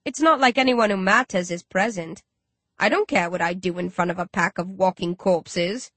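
A woman's voice: a little high, lively intonation, normal speed, a bit bright, no room sound. A woman voicing Dan Dan, a smug simpering creep. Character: crude smug male child-killing creep.

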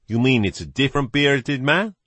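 A man's voice: mid-range voice, animated, moderate pace, a bit bright, husky, no room sound, voice pushed up. A man voicing a blunt, plain-spoken male investigator. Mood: earnest.

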